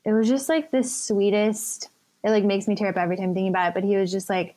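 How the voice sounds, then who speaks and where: A woman's voice: medium pitch, steady tone, fast, dark tone. Chatty woman telling a personal story. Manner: chatty, many "like" fillers, laughs often. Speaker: podcast guest.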